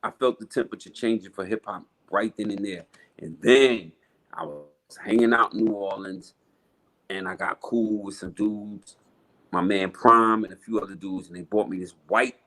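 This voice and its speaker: A man, telling stories in a casual interview, blunt and animated. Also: on the low side, normal speed. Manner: blunt, profane, animated storyteller. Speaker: rapper guest.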